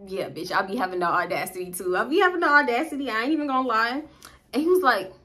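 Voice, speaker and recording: Young woman, storytime vlogger, bright tone, higher voice, profane, animated, laughing. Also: quick pace. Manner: animated, profane, laughing often, dramatic swings in loudness. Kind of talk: casual storytelling to camera.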